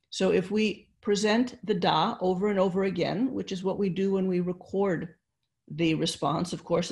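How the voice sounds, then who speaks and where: Older woman, unhurried lecturer on a video call, patient and explanatory. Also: medium pitch. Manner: slow, explanatory, with fillers and restarts. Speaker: neuroscience lecturer. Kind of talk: online webinar lecture. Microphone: computer mic on video call.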